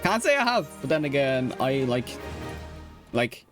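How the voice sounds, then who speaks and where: A man's voice: mid-range voice, big pitch swings, unhurried, fairly bright tone, faint music behind. Rambling young Irish man streaming. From Ireland. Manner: rambling, many fillers and restarts, laughs often. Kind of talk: casual chat while gaming.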